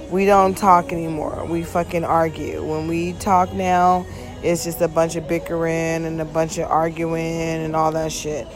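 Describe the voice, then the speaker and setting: Blunt, profane woman with a lowish voice. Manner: frequent yawning. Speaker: podcast host. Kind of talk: casual monologue.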